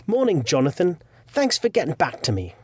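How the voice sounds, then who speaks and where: A man's voice: on the high side, wildly swooping pitch, brisk, husky, no echo, studio quality, voice pushed up, full character voice. A man reading an email aloud in a put-on British accent, voicing a polite male recruiter. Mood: cheerful.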